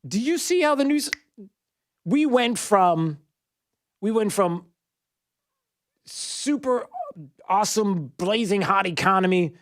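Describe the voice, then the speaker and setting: A male talk radio host giving an animated monologue full of fillers and sarcastic asides. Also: sits high, slow, pauses often, no room sound, clean studio sound.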